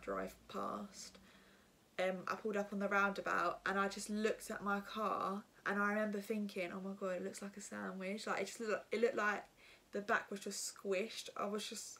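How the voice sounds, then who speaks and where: A young woman tells her viewers a story in a loose, chatty way. She rambles and fills her sentences with fillers, and her voice sits in a middling pitch. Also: vocal fry, fairly bright tone. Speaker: vlogger. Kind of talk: casual storytime.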